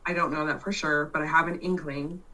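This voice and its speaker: A woman in casual chat, loud and blunt, swearing freely and restarting her sentences as she tells a story. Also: low voice, steady tone, fairly quick, recorded from a distance, rough recording.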